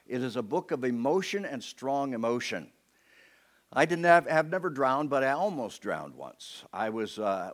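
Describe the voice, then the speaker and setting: Storytelling male pastor preaching. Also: mid-range voice. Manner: storytelling, animated voices for people in his stories. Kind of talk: sermon.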